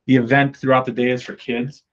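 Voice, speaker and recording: A man's voice: mid-range voice, little pitch movement, fairly quick, lo-fi sound. A man with an American Midwest accent giving a casual storytelling talk as a guest speaker, acting out quoted dialogue with lots of fillers. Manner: anecdotal, acts out quoted dialogue; frequent fillers, conversational.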